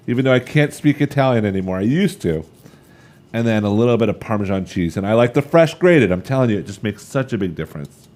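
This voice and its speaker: A man's voice: lowish voice, expressive, fast talker, a little mellow. A man in his thirties leading a live cooking demonstration, chatty and upbeat, talking straight to the viewers as he works. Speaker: cooking instructor.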